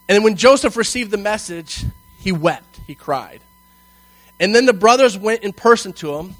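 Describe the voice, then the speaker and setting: A man with a fairly high voice delivers a sermon, reading scripture aloud and unpacking it in plain conversational language. He slows down to stress key phrases and builds intensity as he goes, checking in with his listeners along the way. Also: lively intonation, fairly bright tone, no room sound, low-quality recording. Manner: conversational, emphatic, frequent "okay?" check-ins. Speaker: preacher.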